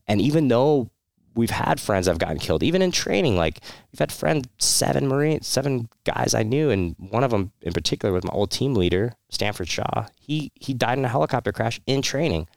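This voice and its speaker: A man's voice: medium pitch, animated, brisk, gravelly, no echo, clean studio sound. A man, a military veteran, telling his personal story in a candid, rambling way, with many fillers, restarts and short laughs.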